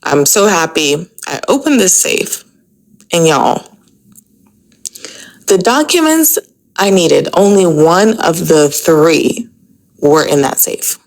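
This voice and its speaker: A woman with a low voice and a gravelly, creaky edge tells a personal story on her podcast. She talks casually and chattily, filling her sentences with "like" and "you know". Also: expressive, takes it slowly, pauses often, low-quality recording. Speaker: podcast host.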